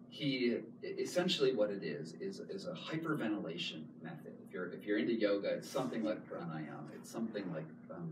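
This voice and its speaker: Man giving a lively talk in an echoey hall. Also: lowish voice. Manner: animated, repeats words, laughs often. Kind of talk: storytelling public talk. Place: public hall. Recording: echoey hall, distant mic, noise.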